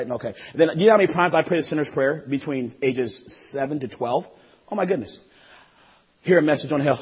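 A man preaching a sermon to a congregation in an animated way, often laughing and shouting at the high points. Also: fast, breathy edge. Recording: long hall reverb, dull lo-fi sound.

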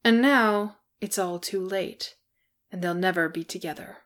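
Give me a gruff, growling male dwarf, read by a woman for a storybook. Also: medium pitch, measured pace, close to an everyday voice. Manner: growling, bitter then brightly teasing.

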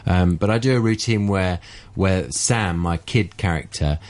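A man with a very low voice chats casually as a radio guest, explaining his craft step by step. He is relaxed and often stops to demonstrate what he describes. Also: measured pace. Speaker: ventriloquist guest.

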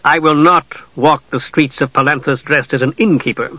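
A man voicing a stern, proud dark knight. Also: on the high side, steady tone, no echo, muffled recording. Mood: stern, grave. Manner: slow, measured, grave.

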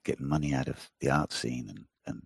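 A man chatting casually, telling rambling, animated stories and swearing freely. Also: very deep voice, a little fast, vocal fry, husky, no room sound, clean studio sound. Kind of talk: casual chat.

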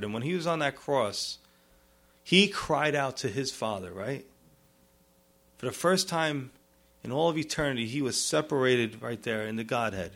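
A man preaching a sermon as a pastor, earnest, with pleading rises and soft low drops, often asking "you see?" and "right?".

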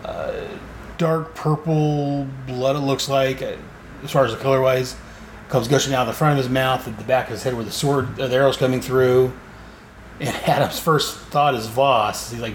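A man's voice: medium pitch, fairly even intonation, normal speed, a little hiss or hum. A man hosting a podcast, rambling through a casual comic book recap. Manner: rambling, with fillers and restarts. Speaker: podcast host. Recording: echoey room, faint ambience.

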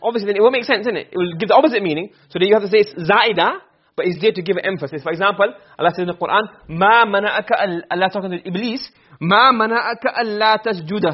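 A man teaching Arabic grammar in a classroom, talking fast and fairly high for a man. His comes through, and he keeps firing questions at his students. The recording is muffled and lo-fi. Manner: quizzing students with quick questions. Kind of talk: classroom lesson.

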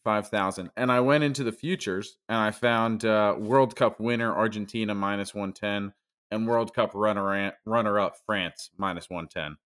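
Brash lower-voiced man talking bets. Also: fairly even intonation, moderate pace, fairly bright tone. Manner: brash, teasing banter. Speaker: podcast co-host. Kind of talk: casual sports betting chat.

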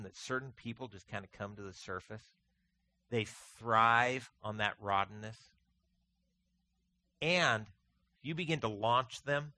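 Bright, animated male preacher. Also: fairly low pitch. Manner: folksy, animated storytelling with humor; addresses the congregation as "folks". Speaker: pastor. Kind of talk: sermon.

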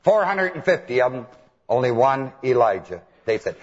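Male preacher, animated storyteller, lively pitch, long-reverb hall, lo-fi tape. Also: normal speed, slightly rough. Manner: animated storytelling, chuckles, mimics chants. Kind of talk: sermon. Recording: dull old hall recording.

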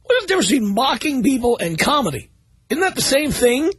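Man, talk radio host, high husky voice, sarcastic, dry close studio sound. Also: big pitch swings, quick pace, a bit bright, no room sound. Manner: sarcastic, reading news items aloud with commentary.

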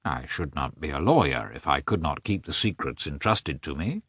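A man voicing a sly, smug lawyer who speaks smoothly and courteously. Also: a bass voice, lively intonation, moderate pace, fairly bright tone, dry recording, studio quality, voice pushed down, full character voice.

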